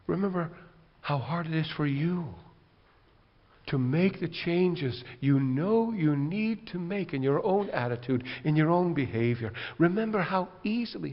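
A man preaching a sermon, swinging between loud rhetorical questions and quiet, earnest passages. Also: on the high side, expressive, unhurried. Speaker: pastor. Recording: dull lo-fi recording with long hall reverb.

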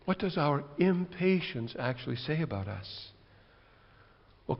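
A man preaching a sermon, swinging between loud rhetorical questions and quiet, earnest passages. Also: medium pitch, gravelly. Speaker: pastor. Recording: dull lo-fi recording with long hall reverb.

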